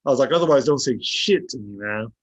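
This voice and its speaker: Animated and quick, this man's medium-pitched voice has no room sound, recorded with a dull, dry lo-fi quality. A guest on a podcast, he tells a story casually and bluntly, cursing freely and performing other people's quoted lines.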